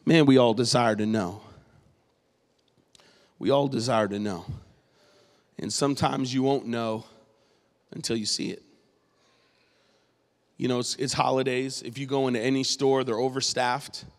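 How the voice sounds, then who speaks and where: A man from New England preaching a sermon as the pastor, animated and joking as he tells stories. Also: mid-range voice, measured pace, pauses often. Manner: animated, jokey storytelling preacher. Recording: long reverb in a large hall.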